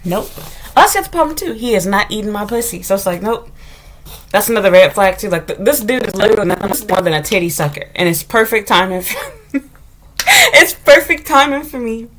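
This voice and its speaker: A woman's voice: medium pitch, sing-song, a little fast, fairly bright tone, a little hiss or hum. A woman from the United States, talking bluntly and profanely in a casual vlog monologue. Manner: blunt, profane, candid storytelling. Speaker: vlogger.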